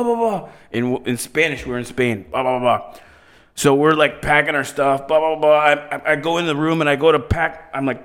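A man's voice: medium pitch, fairly bright tone. A young man rambling through a crude story on a casual podcast, full of restarts. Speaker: podcast co-host. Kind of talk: casual chat.

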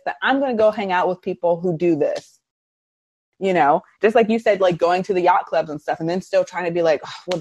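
Animated woman telling stories, dry sound. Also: lowish voice, dry recording, highs cut off. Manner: animated storytelling with frequent laughs. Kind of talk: casual conversation.

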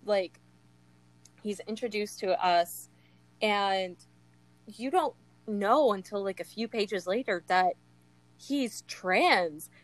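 A woman's voice: mid-range voice, slow pace, long pauses, low-quality recording. A young woman chatting casually about a book she loves, gushing, laughing often and filling her talk with "like". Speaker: co-host of a book discussion. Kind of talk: casual chat.

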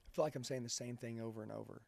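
Male sales trainer, gravelly and husky, blunt and profane, fired-up delivery. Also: mid-range voice, fairly even intonation, racing, a little mellow. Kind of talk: intense motivational interview talk.

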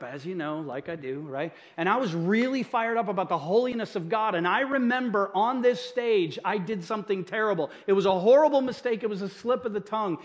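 A middle-aged male pastor with a high-pitched voice preaches a sermon from a church stage. He tells chatty, self-deprecating stories about his own mistakes and often turns aside to address the congregation.

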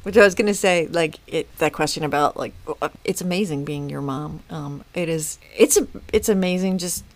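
A woman's voice: low voice, moderate pace. A woman in her fifties, a mother speaking as a podcast guest, reflective and earnest with frequent restarts. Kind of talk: casual podcast conversation.

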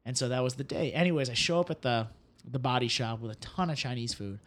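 A man's voice: medium pitch, fast. A man guest on a podcast, telling loose, rambling anecdotes in casual chat and acting out bits of dialogue. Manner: rambling anecdotes with acted-out quotes. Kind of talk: casual storytelling.

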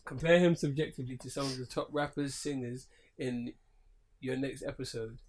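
A young man, co-hosting a podcast, giggly and reading aloud haltingly. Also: mid-range voice, fairly even intonation, darkish tone. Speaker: podcast co-host. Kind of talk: casual chat.

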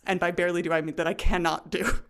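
Wry, smooth-voiced female co-host. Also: lowish voice, fairly even intonation, quick pace, a bit bright. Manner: self-deprecating, wry. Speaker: podcast co-host. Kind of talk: podcast chat.

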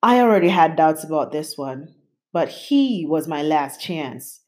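A woman reading a children's storybook aloud. Her voice swings widely as she plays up each moment. She keeps an easy, slow pace. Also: deep voice. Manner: animated, playful. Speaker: storybook reader.

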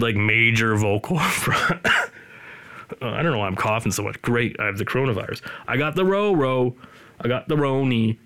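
A man's voice: lowish voice, sharp tone, no room sound. A man hosting a podcast from his studio, rambling loosely and teasing his co-host in casual chat.

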